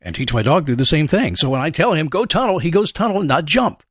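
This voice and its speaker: A man hosting a motivational show, talking in an energetic, conversational way and acting out questions and a dog's thoughts. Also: on the high side, fast, slightly rough, no echo, clean studio sound. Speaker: motivational coach and podcast host. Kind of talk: upbeat motivational monologue.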